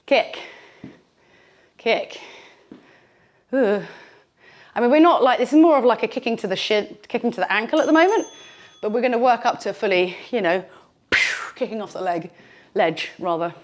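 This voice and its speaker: Woman fitness instructor, higher voice, chatty and joking, slightly out of breath, clip-on mic. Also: expressive, normal speed, long pauses. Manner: chatty, encouraging, jokey coaching. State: a little out of breath. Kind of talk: workout class instruction. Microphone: clip-on microphone on her t-shirt.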